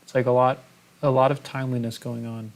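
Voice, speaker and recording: A man keeps a livestream going, reading out viewer comments and teasing his co-host in easygoing chat. His pitch sits in an ordinary middle range, and the delivery is relaxed and playful. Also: a little fast. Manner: reads viewer comments aloud, playful banter. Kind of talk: casual chat.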